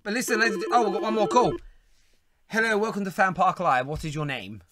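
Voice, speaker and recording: A man hosting a casual football fan phone-in, joking and teasing in playful loud bursts. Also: high-pitched, fast, dry recording. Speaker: host.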